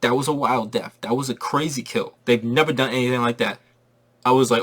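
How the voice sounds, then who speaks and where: A man giving a casual spoiler review of a movie, excitable and slangy, repeating his points for emphasis. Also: medium pitch, moderate pace, husky.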